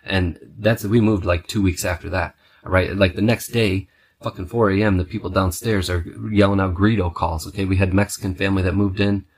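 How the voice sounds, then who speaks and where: Low-voiced profane storytelling man. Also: steady tone, fairly quick, husky. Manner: profane, rambling, punctuates with "okay"; restless, self-described scatterbrained. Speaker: podcast host. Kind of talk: casual storytelling monologue.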